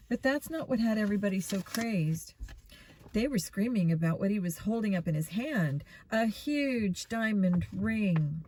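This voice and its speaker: A woman reading a children's mystery book aloud in a steady storytelling manner. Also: medium pitch, no echo. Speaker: reader.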